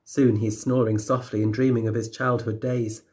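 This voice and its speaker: A male teacher reads a children's picture book aloud. His voice sits at a middling pitch, and he tells the story in a steady, clear way. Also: normal speed.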